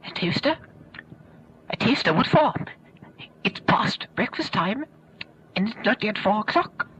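A man voicing an excitable, boastful clerk who fancies himself a great detective, in an amateur tape radio play. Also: measured pace, a little hiss or hum, exaggerated voice. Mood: indignant. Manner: giggly, boastful, squeaky. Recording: lo-fi home tape with music.

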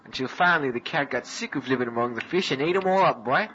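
A man's voice: medium pitch, lively intonation, quick pace, close to an everyday voice. A man voicing a folksy, bumbling male amateur detective with a drawl who ends every line with "boy", in an amateur improvised radio comedy. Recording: muffled lo-fi tape with loud hiss.

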